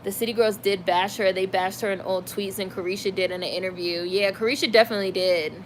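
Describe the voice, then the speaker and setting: A woman's voice: medium pitch, fast talker, slight background noise. Chatty woman gossiping on a livestream. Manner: chatty, animated, heavy use of "like". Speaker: livestream host reading chat. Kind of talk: casual celebrity gossip chat.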